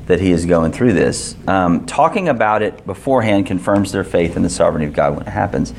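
A man's voice: sits low, lively intonation, brisk, creaky, a little mellow, a little hiss or hum. A man leading an interactive Bible study, asking the group questions and restarting his sentences often.

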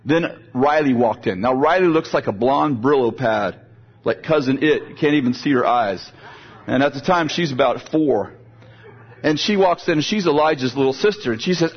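Husky older man preaching casually. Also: mid-range voice, animated, moderate pace. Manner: conversational, repeats words while building a point. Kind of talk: sermon with storytelling. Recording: dull, lo-fi sound.

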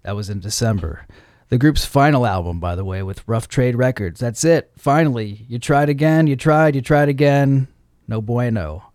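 A man's voice: mid-range voice, moderate pace, no echo. Guy hosting a radio show, chill and jokey, dry close sound. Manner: relaxed, self-correcting, joking asides. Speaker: radio host. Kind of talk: casual radio commentary.

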